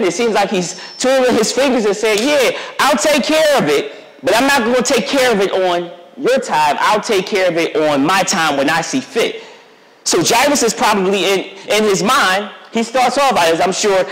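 A man's voice: high-pitched, fairly bright tone. A man, a youth pastor, preaching a conversational sermon to the congregation and speaking directly to them, now and then acting out the voices of Bible figures. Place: church sanctuary. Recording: long reverb of a church sanctuary.

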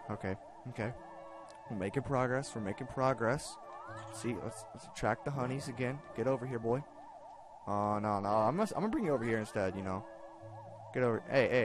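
A young man commenting on his own gameplay, excitable, self-mocking, and given to shouting at the game. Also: medium pitch. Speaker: gaming video host. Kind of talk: let's play commentary.

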